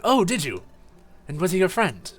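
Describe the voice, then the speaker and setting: A man's voice: sits high, huge pitch swings, normal speed, pitched above the performer's own voice, heavily acted. A man voicing a young male ghost creature from a game, hesitant and polite, close to his own voice. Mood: unsure. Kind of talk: voicing game dialogue on stream.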